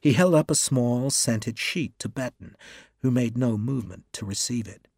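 A man giving a measured, deliberate scripted narration of a story. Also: mid-range voice, a little mellow, no room sound, clean studio sound. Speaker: audiobook narrator.

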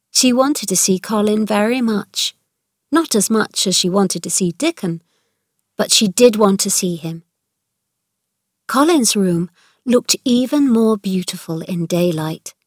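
A woman narrating a children's story in a measured, clear reading voice. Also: mid-range voice, dry recording, clean studio sound.

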